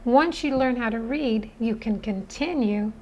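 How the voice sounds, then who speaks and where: Slow, earnest woman phonics teacher. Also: a little high, darkish tone, dull audio. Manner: earnest, persuasive. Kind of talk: spoken lesson.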